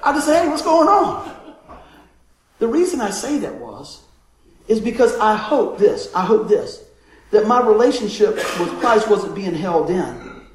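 A pastor with a fairly high, easy voice preaches a homey sermon full of stories. He chuckles often and keeps asking the congregation for an amen. The sound is roomy and echoey, with a faint hiss underneath. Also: normal speed. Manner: folksy, lively, laughing often, calling for amens.

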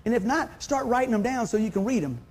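Husky folksy preacher man in his fifties. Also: very high-pitched, lively intonation, fast talker, a little mellow. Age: 50s. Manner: folksy, calls for amens, acts out anecdotes. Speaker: pastor. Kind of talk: sermon.

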